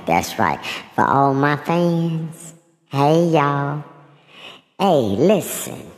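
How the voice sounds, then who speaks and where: A sassy little pet cat, acted out by a woman,, bragging and teasing in a low voice that swoops all over the place. It takes its time with every word. The sound rings with a long, echoey reverb. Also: heavily acted. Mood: boastful. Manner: teasing, brags, sing-song repeats. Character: sassy boastful pet cat, small but fierce. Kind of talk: comic character monologue.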